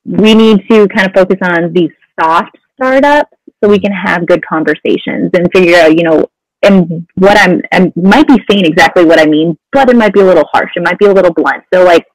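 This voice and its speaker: A woman's voice: on the low side, a little fast, dry recording, rough recording. Conversational woman counselor, dry sound. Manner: conversational, many "you know" fillers. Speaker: mental health counselor guest. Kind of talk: casual podcast interview.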